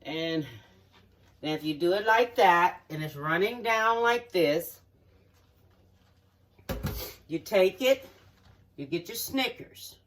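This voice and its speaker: Slow-talking home cook, distant mic. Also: mid-range voice, lively intonation, fairly bright tone. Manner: folksy, chatty step-by-step instructions with frequent "okay?" check-ins. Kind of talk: cooking demonstration. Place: home kitchen.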